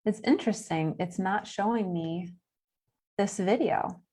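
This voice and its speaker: A young woman teaches children about animal senses over a live stream. Her pitch sits in the middle range, and her delivery is chatty and playful, with little laughs at her own jokes. She sounds like a camp educator talking from home. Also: measured pace, dark tone, slight background noise. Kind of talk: live-streamed kids' science lesson.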